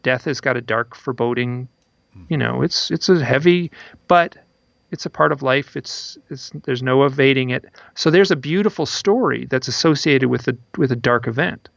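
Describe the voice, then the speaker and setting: A man's voice: mid-range voice, normal speed, creaky, a bit bright, no echo, dull audio. A man, an author guest in an interview, telling stories in a rambling way with many restarts and repeated words. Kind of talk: interview storytelling.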